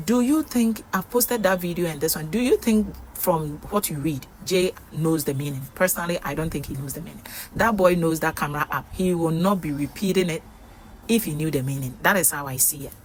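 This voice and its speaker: A woman's voice: sits low, fairly quick, slight background noise. A woman recapping a reality show in casual, chatty storytelling, with frequent fillers.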